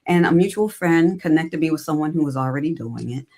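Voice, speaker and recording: Lively woman telling her career story. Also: deep voice, a little fast. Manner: animated, acts out her own past dialogue. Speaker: podcast guest, recruiting entrepreneur. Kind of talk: casual storytelling interview.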